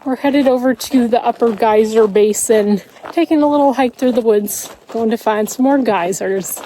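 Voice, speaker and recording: A woman's voice: fairly high pitch, normal speed, warm tone. A young woman narrating a casual travel vlog outdoors, chatty and playful. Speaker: vlogger. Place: outdoors in national parks and campground. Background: music.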